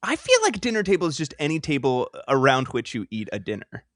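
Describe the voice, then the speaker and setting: Playful man with a lively voice. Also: medium pitch, quick pace, no echo, studio quality. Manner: playful, laughs often. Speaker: podcast co-host. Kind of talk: casual chat.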